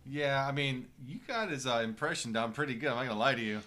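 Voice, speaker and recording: Bright-voiced laid-back man. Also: medium pitch, animated, fast, slight background noise. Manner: laid-back, rambling, filler-heavy. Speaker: podcast co-host. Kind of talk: casual chat.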